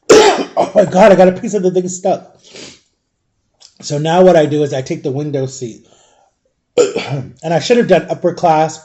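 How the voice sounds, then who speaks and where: A middle-aged man chatting in a casual storytime vlog, rambling along and clearing his throat often. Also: on the high side, darkish tone. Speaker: vlogger.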